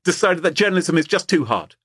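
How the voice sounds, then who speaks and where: A man's voice: fairly high pitch, sing-song, fast talker, fairly bright tone, breathy edge, no room sound, studio quality. An Englishman co-hosting a podcast, telling stories in a joking, playful way. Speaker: podcast co-host. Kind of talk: casual comedic chat.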